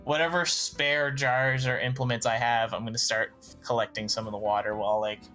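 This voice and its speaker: A man playing a tabletop game rambles through his character's actions, filling his speech with fillers. His medium-pitched voice is bright and forceful, fairly quick, with fairly even intonation. Soft music plays in the background.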